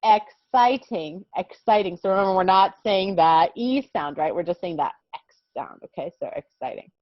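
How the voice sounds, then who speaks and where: A young woman teaching English words to small children in a slow, patient, sing-song way, often checking with "okay?". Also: lowish voice, lively intonation, no echo. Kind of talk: online vocabulary lesson for young children. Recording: dull lo-fi sound.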